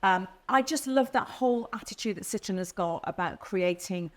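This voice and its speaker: An upbeat woman talking through cars in a relaxed studio conversation with her co-hosts. Her pitch sits at a medium level, and she leans hard on key words. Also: normal speed. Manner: upbeat, chatty, emphatic. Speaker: car show presenter. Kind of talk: casual studio chat.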